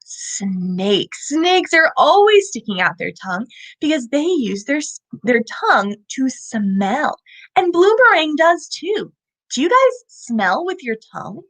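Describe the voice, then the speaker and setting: A woman hosting a live children's animal show, animated and asking young viewers questions as she presents a lizard. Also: sits high.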